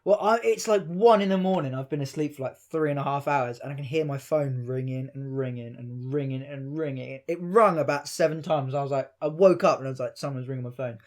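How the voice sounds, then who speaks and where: A young man, co-hosting a podcast and telling a story in an animated way, laughing and mimicking others as he goes. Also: mid-range voice, fairly quick, few pauses. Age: young adult. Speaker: podcast co-host. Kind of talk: casual storytelling chat.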